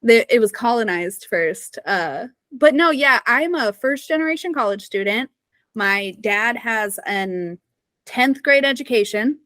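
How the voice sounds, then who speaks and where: Chatty higher-voiced woman from Missouri. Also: lively intonation, measured pace, a bit bright, no room sound. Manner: chatty, frequent "like" and "you know" fillers. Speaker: podcast guest. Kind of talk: casual conversational interview.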